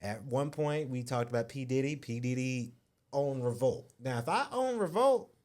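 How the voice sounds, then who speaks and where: A woman in her late twenties, co-hosting a podcast in casual chat and chiming in with quick agreements and laughs. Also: rumbling low, animated, a little mellow. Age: 20s. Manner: laughs often, chimes in with short agreements. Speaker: podcast co-host.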